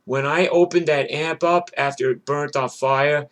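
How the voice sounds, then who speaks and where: A middle-aged man and working guitarist, telling a rambling, cursing rant that starts loud and worked up and settles into a low, weary tone. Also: steady tone, measured pace. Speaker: gigging guitarist and show host.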